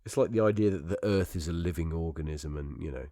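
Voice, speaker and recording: A man's voice: low-pitched, fast, dark tone, dry recording, studio quality. A man co-hosting a podcast in a casual comedy chat, laughing often and swearing freely as he riffs on silly ideas. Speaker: podcast co-host.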